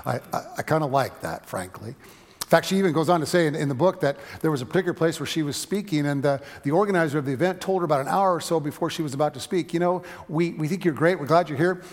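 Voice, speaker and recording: A male pastor delivers a conversational sermon, his voice gravelly and a little husky. He lifts his voice to stress a point and drops to near a whisper in quieter moments. The sound carries the long reverb of a big hall. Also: a little high, quick pace. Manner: conversational preaching, voice rising for emphasis, dropping to a hush for stories.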